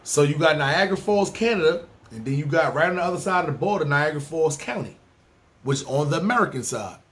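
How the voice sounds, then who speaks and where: A man with a New York City accent hosting a podcast, talking in a loose, animated, profane street style. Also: fairly high pitch, fast talker. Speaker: podcast host. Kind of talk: casual monologue ranking places.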